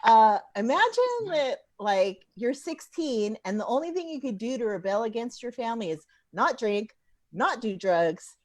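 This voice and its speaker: A woman comedian in her forties doing a stand-up set, telling animated stories and laughing at her own jokes. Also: on the high side, moderate pace. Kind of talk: stand-up set over a live stream. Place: home bar.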